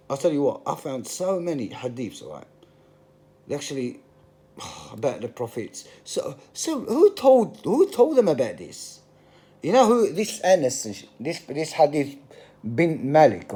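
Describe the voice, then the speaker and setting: A man's voice: on the high side, darkish tone. A man giving an emphatic, passionate monologue, full of repetition and rhetorical questions. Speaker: religious commentator.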